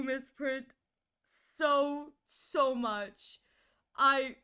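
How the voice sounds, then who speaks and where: A woman's voice: high voice, takes it slowly, sharp tone. A young woman streaming live, chatting casually with viewers and often stammering, close to tears.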